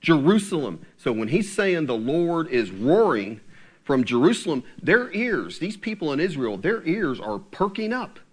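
A man preaching a conversational sermon, asking his listeners questions and slowing down into a low, solemn tone when he reads scripture. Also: big pitch swings, husky. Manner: drops to a low, slow tone for scripture.

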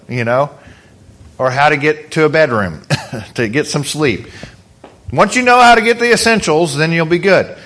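A man's voice: a little high, fairly bright tone. A man preaching a sermon as pastor, in a conversational way, asking the congregation questions.

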